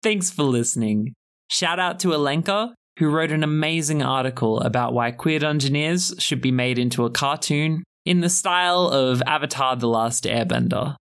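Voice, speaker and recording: A man narrating a tabletop game as game master and podcast host, in measured descriptive narration. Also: a little high, clear, resonant tone, poor audio. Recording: soft music under the voice.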